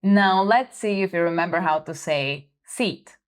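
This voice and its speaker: Slow, careful woman language teacher. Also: lowish voice. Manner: careful, clear enunciation for repetition. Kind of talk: slow vocabulary lesson.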